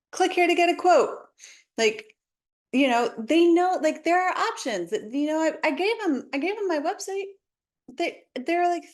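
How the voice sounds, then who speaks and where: A young adult woman, a marketing coach, telling a story in a casual, animated way with lots of "like" fillers. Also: medium pitch. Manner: chatty, animated, many "like" fillers. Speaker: podcast host, marketing coach.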